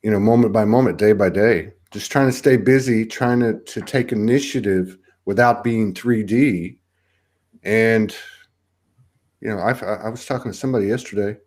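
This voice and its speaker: A man's voice: fairly low pitch, moderate pace, darkish tone. A man hosting a casual live online chat over a video call, talking in a rambling, reflective way with many restarts. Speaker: host.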